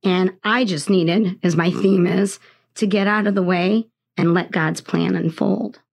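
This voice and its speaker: A middle-aged woman, a teacher, telling a personal faith story in a radio interview in an earnest, halting, reflective way. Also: on the low side, steady tone, gravelly, a little mellow. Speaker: third grade teacher, guest.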